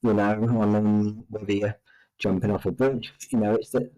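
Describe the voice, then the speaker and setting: A man's voice: fairly low pitch, little pitch movement, normal speed, mellow, soft background music, low-quality recording. A middle-aged man with a London accent, co-hosting a podcast in casual chat and rambling with lots of fillers. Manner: rambling, heavy on "you know" fillers. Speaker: podcast co-host.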